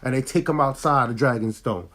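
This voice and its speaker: Recapping a TV episode, this man talks briskly in a mid-range voice, using casual slang and getting loud and excited when something hypes him up. He seems slightly ill and coughs occasionally.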